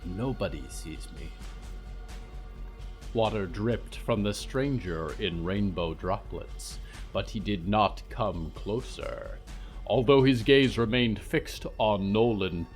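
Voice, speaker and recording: A man narrating a scripted fiction story in a calm, even voice. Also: fairly low pitch, slow pace, faint music behind.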